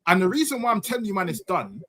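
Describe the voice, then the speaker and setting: A man's voice: high-pitched, wildly swooping pitch, quick pace, fairly bright tone, slight background noise. A man, gloating and teasing his friends in football banter. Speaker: football podcast panelist.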